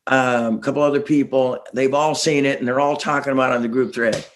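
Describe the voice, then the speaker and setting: A middle-aged man, a band singer and songwriter, telling rambling, animated stories with self-deprecating jokes in a casual interview. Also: medium pitch, quick pace, a little hiss or hum.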